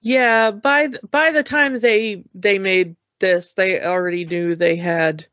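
Podcast co-host, casual chat, relaxed, slow-talking, filler words, dull lo-fi sound. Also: mid-range voice, no echo. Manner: relaxed, many "you know" fillers.

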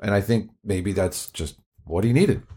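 A man's voice: fairly low pitch, expressive, unhurried, mellow, breathy edge. A man co-hosting a casual podcast chat about hockey, joking and laughing often. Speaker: podcast co-host.

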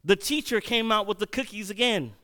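A man preaching a sermon, telling a personal story and swinging between loud and hushed delivery. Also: sits high, fairly quick.

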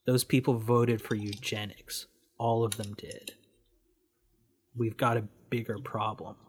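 A man's voice: lowish voice, level tone, measured pace, slight background noise. A man being interviewed on a podcast, talking bluntly with many fillers and restarts. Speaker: guest, independent researcher running a news project.

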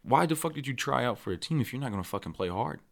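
A man's voice: medium pitch, lively intonation, quick pace, vocal fry. A man co-hosting a podcast, talking bluntly and heatedly with heavy swearing in casual chat. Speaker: podcast co-host.

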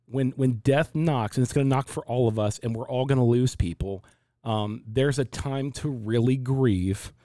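A man in his forties talking about faith and grief in a reflective, halting way, often restarting his sentences. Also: mid-range voice, mellow, dry recording, studio quality. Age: 40s. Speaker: pastor. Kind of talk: casual faith discussion.

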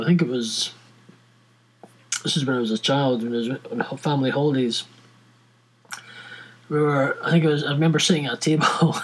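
A man's voice: fairly high pitch, poor audio. A Scottish man talking casually to viewers, ranting at length with many restarts and fillers. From Scotland.

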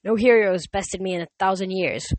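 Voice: mid-range voice, brisk, dry recording, close to an everyday voice, poor audio. A reader voicing a cruel, mocking female demon cheerleader who is centuries old, with a taunting, sneering delivery, in a dry recording. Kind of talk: audiobook reading.

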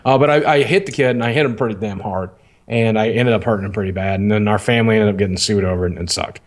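A man's voice: on the low side, fast. A man casually telling a long personal story, rambling and swearing, often laughing at himself.

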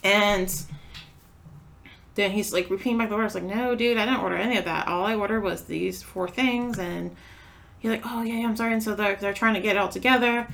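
Fast-talking woman with a gravelly voice. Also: medium pitch, fairly even intonation, a bit bright. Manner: storytelling with acted-out quotes, swears freely. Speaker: podcast co-host. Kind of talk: casual chat.

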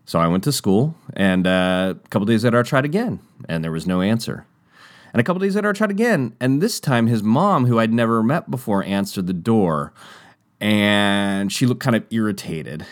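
Male storyteller, low voice, very animated delivery, dry close mic. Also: normal speed, no room sound. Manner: animated, jumps to high voices when quoting others; rambling with frequent restarts and fillers. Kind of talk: casual personal storytelling.

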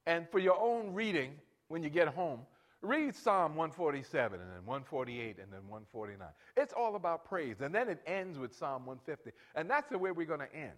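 A man in his late sixties preaching a sermon, telling family stories and directing the band and congregation, his voice rising loud for emphasis. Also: a little high, sing-song, normal speed. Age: 60s. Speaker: pastor.

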